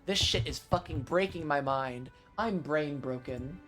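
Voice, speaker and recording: A man's voice: on the high side, measured pace, fairly bright tone, faint music behind. A man streaming a visual novel, thinking aloud and swearing freely while he reads the text aloud. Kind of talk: casual let's-play commentary and reading aloud.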